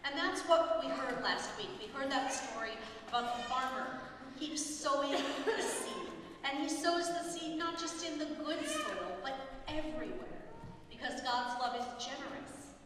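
A woman pastor preaching a sermon, telling the story with lively quoted voices. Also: high-pitched, a little slow. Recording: echoey hall, distant mic, faint background noise.

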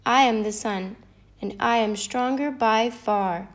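A woman's voice: a little high, slow pace. A woman voicing the female sun in a storybook fable, cool and taunting. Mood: superior. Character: calm, proud female sun.

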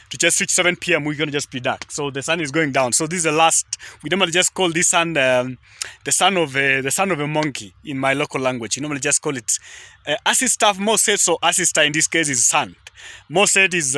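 A young man with an East African accent talks to his viewers in a loose, chatty way, filming himself outdoors by a highway. His voice sounds very bright and sits a little high, and he keeps circling back to "guys" and "just". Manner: chatty, repetitive, often says "guys" and "just". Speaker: vlogger. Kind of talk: casual rambling vlog talk. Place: outdoors beside a highway at sunset.

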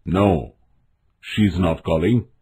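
A man's voice: low voice, takes it slowly, mellow, breathy edge, voice pushed down, exaggerated voice. A man playing a grave, commanding old stag.

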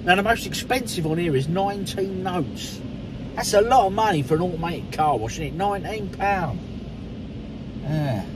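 A man's voice: sits high, animated, moderate pace. A man, chatting jokily to viewers from his car as it goes through a car wash. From England. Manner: chatty, jokey, addresses viewers as "people" and "mate". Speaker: vlogger. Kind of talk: casual vlog chat. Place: inside a car at an automated car wash. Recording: noisy car wash in the background.

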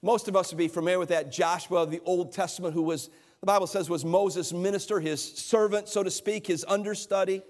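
A man's voice: sits high, fairly even intonation, fairly quick. A male pastor delivering a sermon in an earnest preaching manner, often repeating words and restarting phrases. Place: church sanctuary. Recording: church sanctuary with long reverb.

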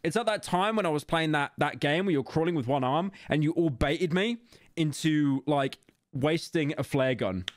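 A man's voice: on the high side, moderate pace, no echo, studio quality. A young British man streaming a game, talking casually to his chat with sarcasm and frequent swearing. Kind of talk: casual gaming commentary.

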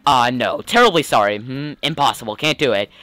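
A man voicing an elderly, gentlemanly male bomb creature who speaks in a formal, old-fashioned way. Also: mid-range voice, lively intonation, brisk, faint music behind. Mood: politely reluctant.

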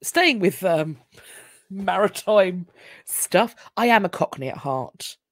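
Chatty London woman, lively pitch. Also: slow, dry recording, studio quality. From England. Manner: chatty, wry and self-interrupting. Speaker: history channel host. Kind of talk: casual live-stream chat.

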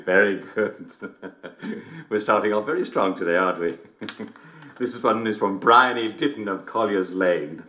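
Game voice: male actor as a middle-aged English TV host, giggly and smarmy, slow and sing-song, dull lo-fi sound. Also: on the low side, natural voice. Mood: jovial. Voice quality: keeps chuckling between lines, smarmy showman delivery. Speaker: TV and radio host. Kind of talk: scripted in-game broadcast.

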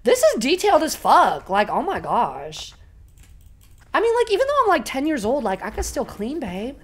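A young woman streaming a video game, swearing constantly and swinging between loud shrieks and quiet mumbling as she plays. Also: high voice, huge pitch swings, moderate pace, a little hiss or hum. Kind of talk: casual game commentary.

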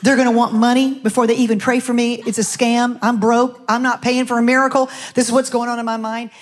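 A woman's voice: on the high side, little pitch movement, fast talker. A middle-aged woman pastor, preaching a sermon and telling a personal story with chatty asides to the congregation. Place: church sanctuary.

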